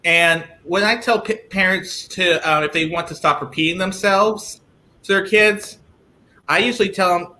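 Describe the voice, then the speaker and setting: A man speaking as a guest in a live online interview, with a bright, somewhat high voice. He restarts his sentences often while looking for the right words. He comes through a video call. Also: measured pace. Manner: restarts sentences, talks loudly by his own account.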